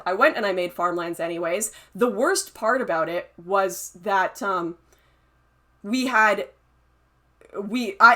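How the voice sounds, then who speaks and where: A woman's voice: medium pitch, pushed and bright. A young adult woman hosting a casual livestream, chatty and laughing often as she reads and answers chat comments. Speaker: livestream host reading chat.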